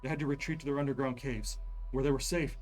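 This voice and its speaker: A man voicing a deranged, ragged old male explorer who shouts and pleads in a panic. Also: medium pitch, steady tone, fast, faint music behind, close to an everyday voice. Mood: raving.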